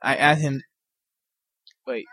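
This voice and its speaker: A man's voice: slow pace, pushed and bright, no echo. A man co-hosting a gaming podcast, laid-back, reading listener stories with a laugh in his voice. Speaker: podcast co-host. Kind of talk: casual gaming podcast chat.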